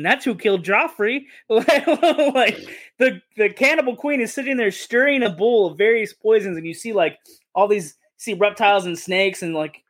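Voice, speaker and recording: A man's voice: high voice, a bit bright. A man co-hosting a podcast who talks about a film in a casual, rambling, enthusiastic way and often corrects himself. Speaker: podcast co-host. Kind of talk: casual movie discussion.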